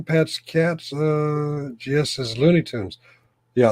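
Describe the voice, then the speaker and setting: This live chat show host has a darkish voice on the high side and takes it slowly, recorded with no echo. He jokes, chuckles and clears his throat, mentioning that his voice is going.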